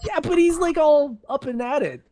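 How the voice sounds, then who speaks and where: A man's voice: very high-pitched, animated, moderate pace, a little mellow, faint music behind. A young man reading game lore aloud on voice chat, breaking off for chatty, self-mocking asides. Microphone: headset on voice chat.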